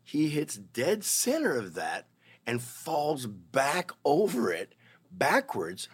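A man's voice: medium pitch, huge pitch swings, slow, breathy edge. A middle-aged man from Canada, a guest in an interview, telling a wild anecdote with heavy swearing and acting out other people's voices. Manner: profane, vivid storyteller who acts out other people's voices. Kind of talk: animated anecdote in casual interview.

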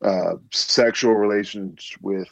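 Young man with a Southern accent, polite, hesitant, low voice, dull line. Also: fairly even intonation, slow pace, vocal fry, no room sound. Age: 20s. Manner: polite, hesitant, many fillers. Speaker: caller. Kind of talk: casual phone-in chat.

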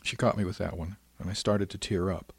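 A man narrating a science fiction audiobook in the first person. He reads in a measured, reflective manner with a low voice. The recording is dry and close. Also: steady tone, gravelly, slightly rough, no echo.

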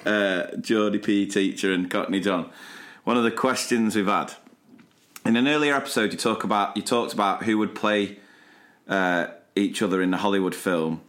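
A man's voice: lowish voice, normal speed, fairly bright tone, roomy sound. A man co-hosting a casual podcast, putting listener questions to his partner and teasing him. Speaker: co-host.

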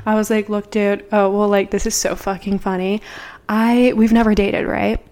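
A woman's voice: medium pitch, little pitch movement, normal speed, a little mellow. A young woman co-hosting a podcast, telling a story in casual chat, rambling and swearing freely. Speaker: podcast co-host.

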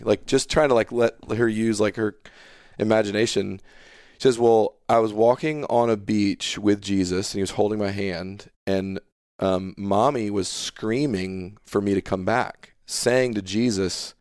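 Deep-voiced pastor telling a family story. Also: male voice, normal speed, no echo, clean studio sound. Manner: earnest, animated storyteller who retells dialogue. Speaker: pastor, podcast guest. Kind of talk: casual storytelling conversation.

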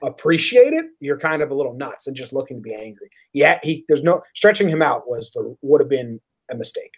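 A man's voice: medium pitch, breathy edge. A young man co-hosting a podcast, giving opinionated baseball takes in casual chat. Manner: animated, opinionated, talks in quick bursts. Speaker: podcast co-host.

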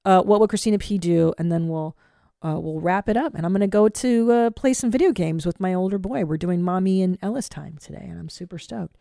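A woman hosting a podcast, chatting casually and telling stories in a blunt, profane, animated way. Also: fairly low pitch, a little fast, gravelly, no room sound, studio quality. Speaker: podcast host. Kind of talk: casual chat.

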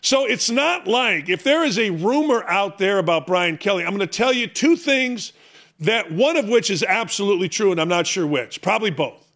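A middle-aged man hosts a sports talk show with a high voice that leaps all over the place. He rants through an opinionated monologue, pokes fun at himself and keeps pressing rhetorical questions. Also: moderate pace. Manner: animated, self-mocking, hammering rhetorical questions.

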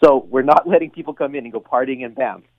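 A man's voice: medium pitch, fast, no echo. A man being interviewed as founder of an advocacy group, speaking earnestly and measuredly with light laughs. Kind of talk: radio interview over the phone. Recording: tinny phone line.

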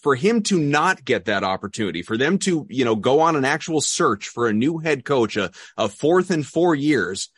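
A man's voice: mid-range voice, big pitch swings, moderate pace, hardly any pauses, a bit bright, slightly rough, dry recording, clean studio sound. A man hosting a sports podcast, asking long questions full of hedges and fillers. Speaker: podcast host. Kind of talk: casual sports podcast chat.

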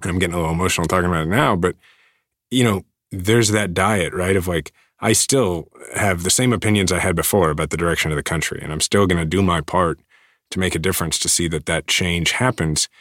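Deep voiced guy in his 30s, earnest, lots of restarts, dry mic. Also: fairly bright tone, no room sound. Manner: earnest, halting with many restarts. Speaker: guest. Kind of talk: casual interview talk.

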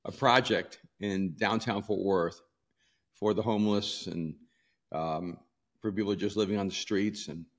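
A man in his sixties from El Salvador, a pastor telling stories in an interview, laughing often and pausing with ums. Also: fairly low pitch, fairly even intonation. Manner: warm storyteller, laughs often, many ums and restarts. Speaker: pastor and author. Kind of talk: storytelling in a sit-down interview.

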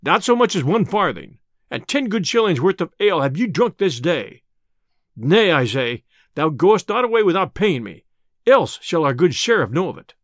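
A man's voice: high-pitched, very animated, normal speed, no room sound, clean studio sound. A man voicing a greedy, wily male innkeeper who fawns and then stubbornly demands payment, in old-fashioned speech. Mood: insistent.

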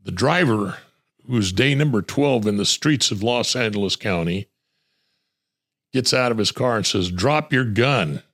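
An older man with a low, gravelly voice recounts police stories in a podcast interview. He talks bluntly and swears freely, and he acts out the voices of the people he quotes. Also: unhurried, a bit bright. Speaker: retired homicide detective, guest.

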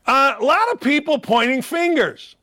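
Man, sports talk host, high bright voice, sarcastic, heated rant. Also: expressive, normal speed. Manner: sarcastic, mocking, loud and heated.

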